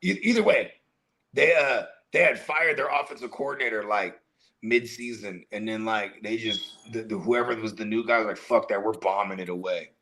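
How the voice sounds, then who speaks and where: A man's voice: mid-range voice, normal speed, pushed and bright, low-quality recording. A man co-hosting a live sports watch party, telling loose, profane, joking stories in casual banter. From California.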